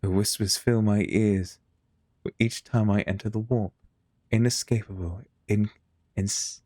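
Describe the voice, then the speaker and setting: A man's voice: on the low side, steady tone, a little mellow, no room sound. A man voicing an aloof, haunted female alien seer from a video game, speaking formally. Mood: troubled. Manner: formal, measured speech. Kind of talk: reading game dialogue aloud.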